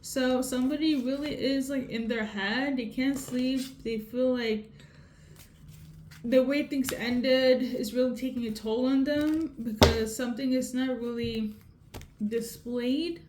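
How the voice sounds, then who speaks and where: A woman's voice: sits high, steady tone, takes it slowly, a little mellow. Woman tarot reader, echoey room. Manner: repeats "okay?" often, conversational. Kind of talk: casual tarot reading. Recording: echoey room with faint noise.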